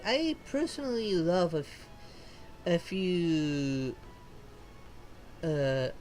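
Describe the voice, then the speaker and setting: In a video game, a woman plays a perky young foxian livestreamer, speaking chirpily and bubbly with playful squeals while taking her time. Her voice is low and heavily acted, with a faint hiss or hum behind it.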